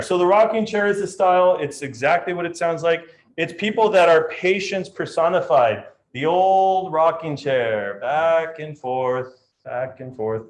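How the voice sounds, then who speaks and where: A man leading a live real estate training session, talking in a lively way and acting out client voices. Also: mid-range voice.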